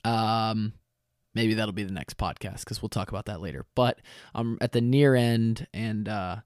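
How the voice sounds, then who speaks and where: A man's voice: fairly low pitch, normal speed, no echo, studio quality. Tired young man rambling on his podcast. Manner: rambling, self-correcting, with many fillers. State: tired and lightheaded from fasting. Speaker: podcast host. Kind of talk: casual solo podcast talk.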